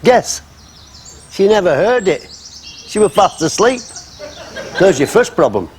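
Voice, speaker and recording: A man's voice: high voice, very animated, unhurried, slight background noise. A man playing an ordinary, earnest man who tells a puzzling story with solemn care in a sitcom. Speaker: local man telling a story. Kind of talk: sitcom acting.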